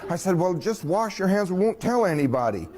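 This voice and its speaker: Speaking fairly quickly in a high voice, a man shares a folksy personal tale. Chuckling along, he quotes others and brings their words to life with animated voices.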